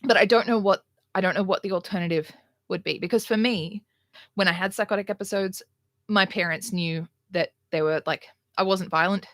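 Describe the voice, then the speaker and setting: A woman's voice: medium pitch, a little fast, fairly bright tone, no echo, clean studio sound. A young adult woman, hosting a casual livestream and talking bluntly and candidly, with sarcasm and swearing. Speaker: livestream host.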